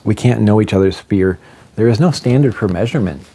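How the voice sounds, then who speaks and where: Middle-aged man, low mellow voice, chatty self-deprecating storyteller who acts out quoted lines. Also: fairly quick, vocal fry, breathy edge. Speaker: vlogger telling a personal story. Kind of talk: casual storytelling monologue.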